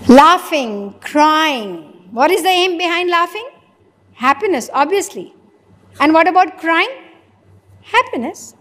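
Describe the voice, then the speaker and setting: Woman, Indian English accent, spiritual teacher, high voice, questioning tone, long hall echo. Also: lively intonation, slow pace, a bit bright. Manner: questioning, acts out dialogues with listeners. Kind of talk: religious discourse.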